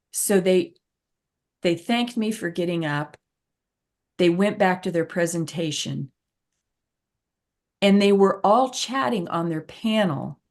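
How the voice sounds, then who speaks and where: A woman's voice: lowish voice, measured pace, long pauses. A woman patient advocate and host telling a personal story in an earnest, reflective way with emphatic repetitions. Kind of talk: conversational storytelling.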